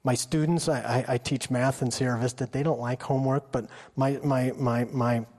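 A middle-aged man giving an informal sermon full of stories, acting out quotes in an excited voice. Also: moderate pace. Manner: animated, acts out quotes with high excited pitch. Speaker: preacher. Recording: long hall reverb.

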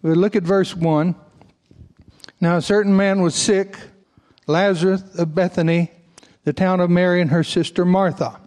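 A man's voice: sits high, fairly even intonation, moderate pace, pauses often, darkish tone. A male pastor preaching a sermon, reading scripture aloud and breaking off for folksy asides to his congregation. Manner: raises his voice for emphatic passages.

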